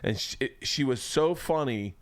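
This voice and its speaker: A man from Florida hosting a podcast, telling rambling, profane stories with plenty of restarts. His voice sits at a middle pitch and sounds dry and close. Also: animated, moderate pace, no room sound. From Florida, USA. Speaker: podcast host. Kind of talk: casual podcast chat.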